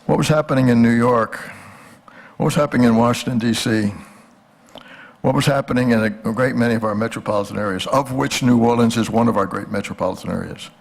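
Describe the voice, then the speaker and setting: Older male lecturer, gravelly and husky, speaks casually to the audience and keeps asking rhetorical questions. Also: medium pitch, a little fast. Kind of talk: conversational history lecture.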